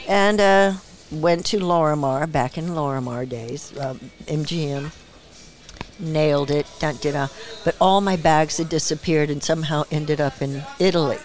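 Animated older woman telling stories. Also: sits low. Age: 70s. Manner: lively storyteller who acts out quoted voices, laughs often. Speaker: guest actress and director. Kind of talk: casual interview storytelling. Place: small bar.

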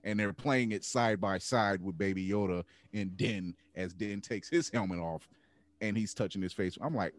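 A man's voice: fairly low pitch, normal speed. A man co-hosting a podcast in casual group banter, joking and profane. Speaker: podcast co-host.

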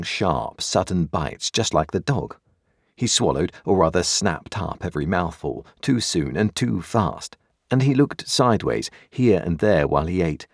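A man reading a classic novel aloud as narrator, in measured, expressive storytelling. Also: low voice, creaky, breathy edge, no room sound, clean studio sound. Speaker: audiobook reader.

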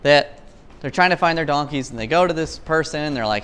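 A man's voice: fairly high pitch, quick pace, a bit bright, clear, resonant tone. A man preaching casually, retelling a scripture story in loose storytelling talk with slang and frequent restarts. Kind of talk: casual sermon.

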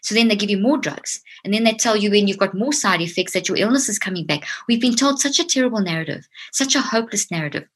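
Woman speaker, slightly husky voice, earnest and emphatic, building her argument with restless energy. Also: mid-range voice, fast, few pauses, fairly bright tone. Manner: emphatic, earnest, repeats words when building a point. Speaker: speaker on mind and mental health. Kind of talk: impassioned explanatory talk. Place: outdoors near a tree.

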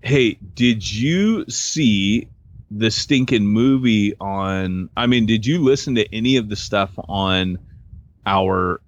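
A man's voice: on the low side, slow pace, muffled recording. A man in his forties, a podcast co-host telling a story in casual chat and acting out the voices. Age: 40s. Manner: animated storyteller, acts out voices.

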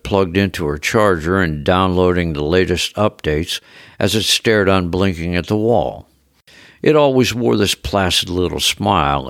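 A man's voice: sits low, a bit bright, no echo, studio quality. A man narrating a first-person story in a wry, conversational way.

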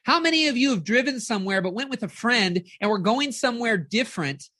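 Forceful, bright-voiced woman life coach. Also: a little high, fairly quick, no echo. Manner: energetic, keeps checking in with the audience; acts out inner voices. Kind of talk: live-streamed motivational coaching talk.

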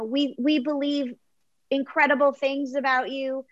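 A woman guest on a faith interview, telling an illustration with lively voices for the crowd. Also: medium pitch, unhurried, dry recording, highs cut off. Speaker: guest author.

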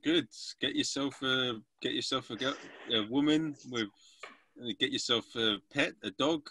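A man's voice: mid-range voice, normal speed, sharp tone, slight background noise. A man hosting a casual comedy podcast over a video call, rambling playfully and teasing his guests. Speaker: podcast host.

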